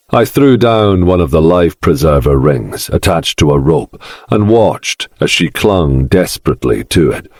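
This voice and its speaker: Very deep, slow, husky male narrator. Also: no echo, studio quality. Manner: slow, brooding, dark delivery. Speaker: audiobook narrator. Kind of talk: first-person romance audiobook narration.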